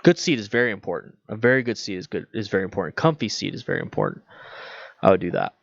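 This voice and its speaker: Male host, relaxed rambling Q&A delivery, lo-fi dry mic. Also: fairly low pitch, fast, gravelly, dry recording. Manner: chatty, loose, reads viewer questions aloud. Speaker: motorcycle channel host. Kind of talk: casual livestream Q&A.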